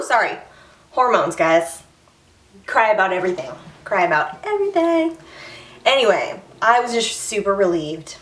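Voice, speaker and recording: A woman's voice: lowish voice, recorded from a distance. A young woman vlogging about her pregnancy, candid and emotional, acting out what people said to her. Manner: emotional, candid, retells scenes with quoted dialogue. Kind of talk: personal storytelling vlog. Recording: echoey room, voice a little off-mic.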